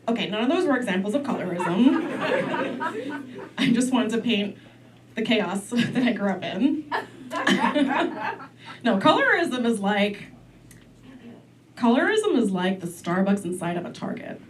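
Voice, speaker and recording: Animated woman doing stand-up. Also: medium pitch, measured pace, pauses often, far from the mic, noisy background. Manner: animated, acts out relatives in big voices. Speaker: stand-up comedian. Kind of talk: stand-up comedy set. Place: comedy club stage.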